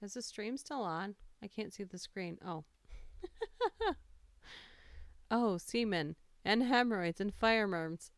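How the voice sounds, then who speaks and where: A woman's voice: medium pitch, lively intonation, slow pace, pauses often, no room sound. A woman hosting a casual livestream, reading funny stories aloud, laughing and greeting her chat.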